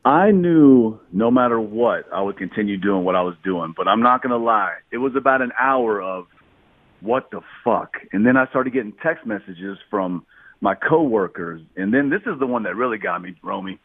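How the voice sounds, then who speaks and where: A man's voice: fairly low pitch, animated, normal speed, no room sound. A man talking candidly as a podcast guest, swearing often. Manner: candid, profane. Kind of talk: casual candid talk. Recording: tinny phone-like line, dry.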